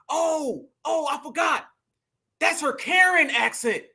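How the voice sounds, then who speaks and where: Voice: high voice, slow, gravelly, bright, forceful tone. A host giving heated, exclamatory commentary and calling the viewers family and y'all.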